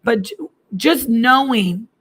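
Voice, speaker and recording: A woman in middle age talks casually to her live-stream viewers, her voice sitting a little higher than most. She is chatty and jumps between languages as she answers comments. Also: expressive, slow pace, a bit bright. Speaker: livestream host.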